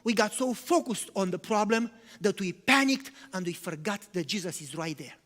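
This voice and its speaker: A man's voice: sits high, expressive, normal speed, fairly bright tone. A male pastor preaching in a conversational way, with rhetorical questions and non-native English phrasing. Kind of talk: sermon. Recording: long church-hall reverb.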